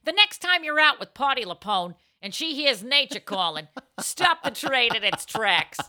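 A woman's voice: fairly high pitch, big pitch swings, normal speed, pushed and bright. A woman co-hosting a comedy advice podcast, brash and crude in her answers. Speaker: co-host answering advice letters.

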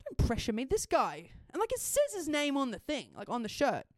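A young Australian woman co-hosting a podcast and telling a story in casual chat. She talks in an animated way, laughs often and swears freely. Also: high-pitched, brisk, dry recording, studio quality. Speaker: podcast co-host.

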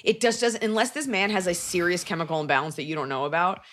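Woman comedian co-host, slightly low voice, blunt and opinionated in casual talk. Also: expressive, fast, fairly bright tone, a little hiss or hum. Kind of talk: casual chat.

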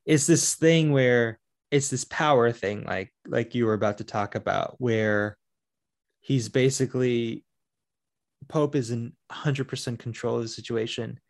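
A man's voice: medium pitch, measured pace, vocal fry. Man retelling a film scene animatedly. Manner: animated retelling, acts out characters' lines. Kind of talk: casual film discussion.

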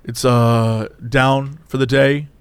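A man doing a hesitant fast-food worker. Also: medium pitch, fairly even intonation, smooth, no room sound, voice pushed down. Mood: sheepish. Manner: hesitant, apologetic, mumbling. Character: nervous young male fast-food worker.

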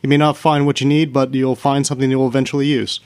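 A man's voice: mid-range voice, flat delivery, quick pace, darkish tone, clear, resonant tone, no room sound. A man in casual chat, speaking loosely with many filler words.

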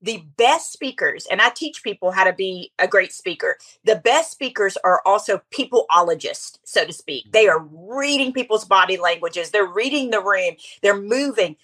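A middle-aged woman chatting as a podcast guest, telling stories in an animated way with quick asides. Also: mid-range voice, husky. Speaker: podcast guest, speaker coach. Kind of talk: casual interview chat.

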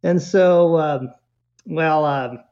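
A man telling a parenting story as a podcast guest, lively and full of fillers, acting out the people he quotes. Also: fairly high pitch, extremely slow, lo-fi sound. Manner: animated storyteller, acts out quotes, many fillers.

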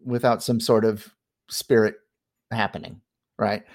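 A middle-aged man casually telling a spooky family story on a podcast, animated and full of fillers. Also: lowish voice, unhurried. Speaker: guest storyteller.

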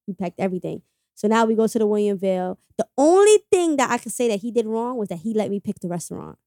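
Fast-talking animated young woman storyteller. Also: medium pitch, no echo, clean studio sound. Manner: animated, swears freely, acts out quotes. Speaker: guest. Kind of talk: casual storytelling.

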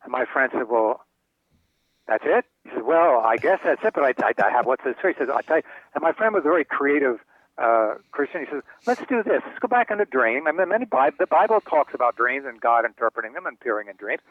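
An older man tells his stories with relish, slipping into high voices for the people he quotes. The sound is thin and phone-like, and the room is dry. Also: fast talker, no room sound. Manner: animated storyteller acting out quoted voices. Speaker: author and guest. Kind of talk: storytelling interview answers. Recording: tinny phone line, dry.

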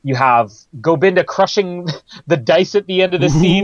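A man's voice: high voice, moderate pace, muffled recording. A man hosting a casual film podcast, rambling and chatty with fillers and laughs. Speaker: podcast host.

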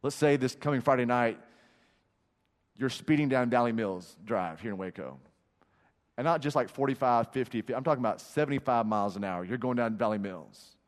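A man, a pastor preaching a sermon in an emphatic, repetitive style with dramatic pauses. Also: mid-range voice. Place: large church sanctuary. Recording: long hall reverb.

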